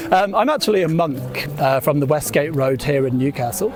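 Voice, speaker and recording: A man's voice: on the high side, unhurried, over music. A man who is a monk, greeting passers-by on a city street with cheerful jokes and telling stories about outreach. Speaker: temple monk and street book distributor.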